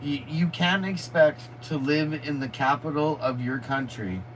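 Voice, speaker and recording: A man's voice: a little high, measured pace, a little hiss or hum, poor audio. Folksy man chatting in a motorhome. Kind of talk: casual livestream chat. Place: inside a motorhome.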